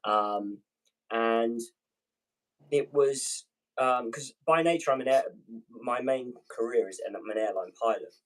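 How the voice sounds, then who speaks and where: A man's voice: mid-range voice, a little slow, rough recording. Earnest British man telling his story. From Britain. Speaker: guest, airline pilot. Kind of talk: casual livestream conversation.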